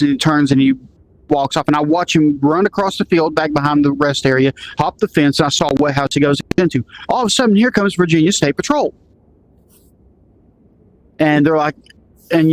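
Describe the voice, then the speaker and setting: Guy telling a road trip story, slightly high voice, casual, acts out the dialogue. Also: slight background noise, poor audio. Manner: acts out quoted dialogue, lots of "I'm like" and "he goes".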